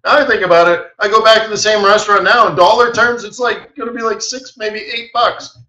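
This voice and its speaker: A man's voice: high-pitched, fast, reverberant, low-quality recording. A man hosting a live trading webinar, telling stories with lots of laughter and acted-out quotes. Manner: animated anecdote teller who laughs often and acts out quoted voices.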